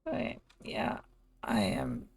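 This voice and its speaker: A woman's voice: slow pace, no echo. A sleepy woman streamer chatting casually to her viewers, drowsy and rambling, trailing off with the odd curse. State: sleepy, yawning. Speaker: game streamer. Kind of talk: casual live-stream chat.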